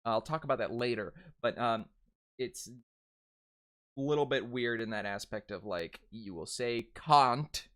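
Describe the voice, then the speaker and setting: A man's voice: mid-range voice, measured pace, a bit bright. A young American man teaching dialect vowels in a casual how-to lesson, chatty, with fillers and self-corrections, drawing out sounds to demonstrate. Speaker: dialect coach.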